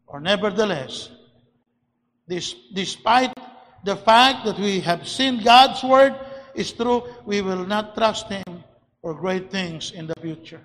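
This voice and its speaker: Preacher, very high voice, shouts for emphasis, repeats words, long hall echo. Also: male voice, animated, slow pace. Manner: swings from quiet to shouted emphasis; repeats and restarts words while building points. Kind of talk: sermon.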